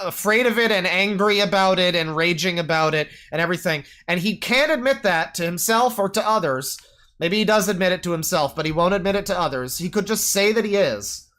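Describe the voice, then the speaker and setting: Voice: mid-range voice, a bit bright. A streamer reacting live to a video, ranting in an exasperated, profane way.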